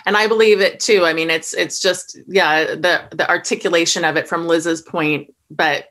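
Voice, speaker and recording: Woman interviewer asking questions, bright voice, kinda halting and affirming. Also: fairly low pitch, fairly even intonation. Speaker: interviewer host. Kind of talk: conversational interview.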